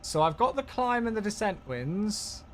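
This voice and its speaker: A man runs a live flight sim stream from his home setup, chatty and thinking aloud. His voice sits high and swings widely in pitch. A faint hiss stays under him. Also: very animated, unhurried. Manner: chatty, thinking aloud, thanking viewers warmly.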